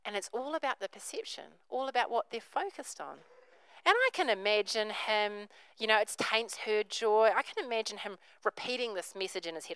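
A woman's voice: medium pitch, lively intonation, moderate pace, fairly bright tone, clean tone, no room sound, low-quality recording. A woman, preaching a sermon, telling a story and acting out the characters' voices.

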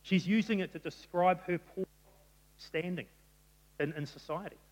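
A man delivers a sermon in an animated storytelling manner, his fairly high voice ringing out in a big reverberant church hall. He sounds like a preacher addressing a congregation. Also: normal speed. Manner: animated storytelling, acting out quotes. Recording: long reverb of a large hall.

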